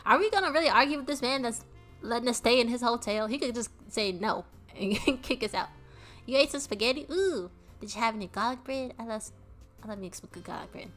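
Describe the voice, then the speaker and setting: Bright, chatty woman streamer. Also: a little high, expressive, fairly quick, faint music behind. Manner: chatty, laughing, talks to chat. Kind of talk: casual let's-play commentary.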